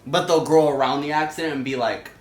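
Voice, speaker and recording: A man's voice: fairly high pitch, fairly even intonation, fairly quick. A young man co-hosting a casual couple vlog, laid-back and drawling, full of fillers. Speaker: vlog co-host. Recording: echoey room.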